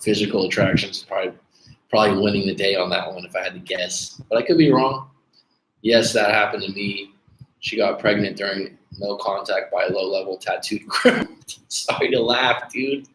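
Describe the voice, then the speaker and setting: A man hosting a dating coaching livestream, chatting casually and bluntly with viewers, swearing freely and calling them dude. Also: on the low side. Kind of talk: casual livestream chat reading viewer comments. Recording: echoey room with faint background noise.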